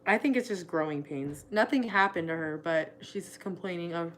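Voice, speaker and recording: A woman with a lowish voice chatting casually as a co-host. She is matter-of-fact and teasing. Faint ambient noise sits behind her. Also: lively intonation, moderate pace. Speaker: co-host, stepparent. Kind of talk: casual chat.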